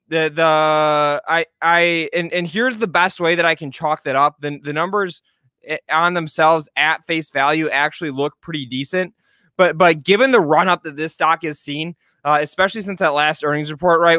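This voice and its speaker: A man's voice: fairly high pitch, sharp tone, clean tone, no echo, studio quality. A man hosting a casual live stream about stocks, chatty and joking, with lots of fillers and repeated words. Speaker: show host, stock commentator. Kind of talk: casual live market commentary.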